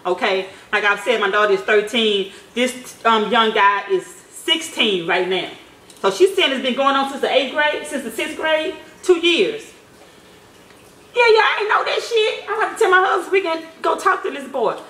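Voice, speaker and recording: A woman's voice: fairly high pitch, lively intonation, normal speed, bright, forceful tone. A mother telling a story in a casual vlog, talking in a loose, slangy way with swearing and many fillers. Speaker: mother and vlogger. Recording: echoey room.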